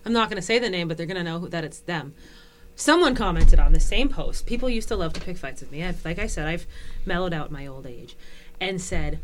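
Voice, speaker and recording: A woman's voice: on the low side, animated, fairly quick. A young woman chatting casually, blunt and profane, ranting and acting out other people's lines. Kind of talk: casual chat.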